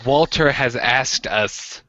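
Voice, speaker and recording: A man's voice: medium pitch, slow, bright, forceful tone, no room sound, highs cut off. A man from the United States hosting a livestream, joking and rambling in casual group chat. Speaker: livestream host.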